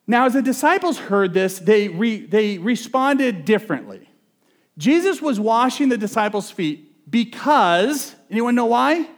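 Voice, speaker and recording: A male pastor preaching a sermon in a relaxed, conversational and humorous way, often asking the audience questions. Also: high voice, unhurried.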